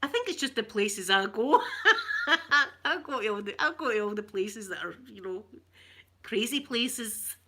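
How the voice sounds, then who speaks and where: A woman's voice: medium pitch, moderate pace, fairly bright tone. A woman from Glasgow with a Glaswegian Scottish accent, chatting casually with her viewers as an ASMR channel host, rambling, laughing often and teasing herself. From Glasgow, Scotland. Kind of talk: casual live chat with viewers.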